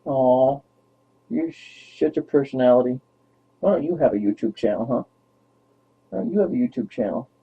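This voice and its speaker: A young man chats playfully and ramblingly to his dog, slipping into baby talk. His voice is husky and mid-pitched. The audio is thin and tinny, like a phone call. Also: lively intonation, normal speed, pauses often. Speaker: vlogger.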